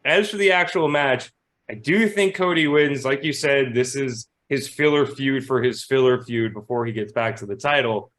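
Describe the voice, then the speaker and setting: A man co-hosting a casual podcast, animated and quick to laugh, swearing casually. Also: medium pitch. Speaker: podcast co-host. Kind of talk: casual chat.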